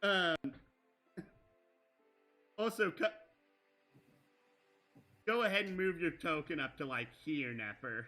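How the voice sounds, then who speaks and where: Man, game master, high voice, very bright tone, slow, rambling narration. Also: sing-song, soft background music. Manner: rambling, full of restarts and fillers like "like".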